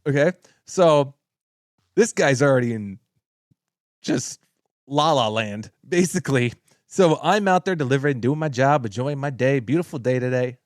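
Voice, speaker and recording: A man's voice: mid-range voice, expressive, moderate pace, dry recording, studio quality. A man co-hosting a podcast, telling a swear-laden story in casual chat and laughing as he talks. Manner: profane, storytelling, laughs often. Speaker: podcast co-host.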